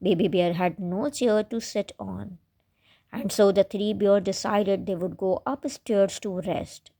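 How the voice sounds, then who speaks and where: A woman reading a children's fairy tale aloud in a gentle storybook manner. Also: medium pitch, steady tone, unhurried, creaky.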